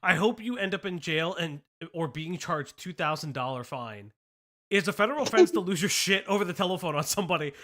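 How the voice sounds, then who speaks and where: A man's voice: sits high, very animated, a little fast, fairly bright tone. A man hosting a livestream, reading posts aloud with lots of laughing and swearing. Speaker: livestream host. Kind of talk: casual livestream chat.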